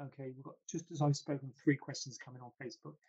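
A man's voice: mid-range voice, fairly even intonation, fast, darkish tone, muffled recording, slight background noise. A man, a plastic surgeon, answering viewer questions in a casual, rambling live Q&A with frequent asides. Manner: chatty, rambling, self-deprecating asides.

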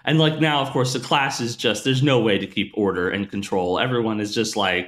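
A man in casual podcast conversation, telling a story with lively energy. His voice sits in a middle range and he slips into the voices of the people he quotes. He laughs often as he talks. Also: medium pitch, brisk, hardly any pauses. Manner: animated, laughs a lot, acts out quoted voices. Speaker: guest storyteller, corporate trainer.

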